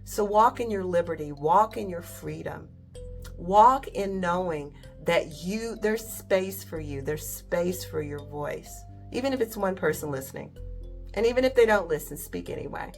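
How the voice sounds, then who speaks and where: Direct, emphatic woman host, lowish voice. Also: animated, unhurried, gravelly, faint music behind. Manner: direct, emphatic, repeats "right?". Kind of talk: motivational faith talk.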